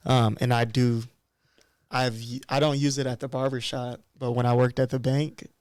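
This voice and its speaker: A man's voice: mid-range voice, little pitch movement, normal speed, a little mellow, smooth, no room sound, studio quality. A man in his thirties, a barber guest on a podcast, talking in a candid, loose and reflective way. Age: 30s. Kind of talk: casual podcast conversation.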